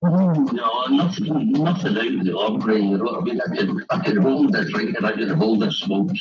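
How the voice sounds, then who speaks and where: A man's voice: fairly low pitch, a little fast, distant mic, muffled recording, crowd noise. A man from Scotland with a thick Scottish accent, calling in to a radio show, easygoing and polite. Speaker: caller. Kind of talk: call-in radio chat.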